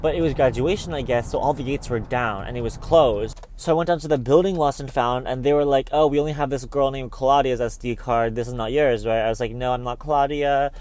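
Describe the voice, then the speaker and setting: A young adult man vlogs a dramatic story in a chatty, casual way, calling his listener "babes" again and again. His mid-range, darkish voice moves briskly with few pauses.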